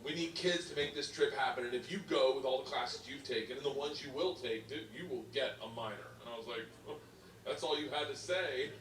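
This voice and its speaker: A man's voice: mid-range voice, fast talker, hardly any pauses, a bit bright, a little hiss or hum. A man in his forties telling a rowdy stand-up story, laughing and bellowing his punchlines. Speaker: stand-up comedian. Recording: stand-up clip played back in an echoey room from far off.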